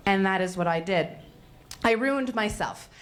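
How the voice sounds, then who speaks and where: Young woman from Canada telling a frank, swearing, self-mocking story about her failures on stage, at a middling pitch. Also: unhurried. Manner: animated, candid, self-mocking, swears freely. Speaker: speaker at a failure-stories event.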